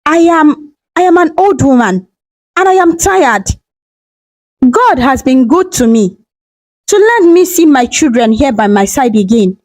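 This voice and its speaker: A woman voicing a dying old mother who speaks softly and forgives her children. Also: high-pitched, expressive, measured pace, poor audio. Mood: tender. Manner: soft, whispery.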